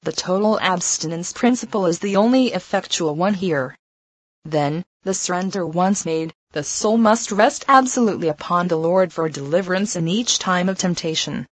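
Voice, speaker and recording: A woman's voice: on the low side, no room sound, rough recording. Earnest woman reading devotional text. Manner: earnest, measured exhortation.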